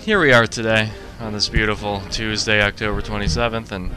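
A man's voice: on the low side, flat delivery, fairly quick, pushed and bright, faint music behind. A young man co-hosting a college radio talk show, playful and mock-folksy. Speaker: co-host. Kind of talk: joking college radio banter.

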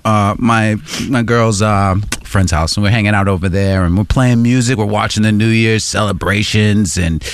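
A man's voice: fairly low pitch, moderate pace, few pauses, a little hiss or hum. A man co-hosting a casual chat show, telling his own stories with laid-back, joking banter. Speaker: co-host.

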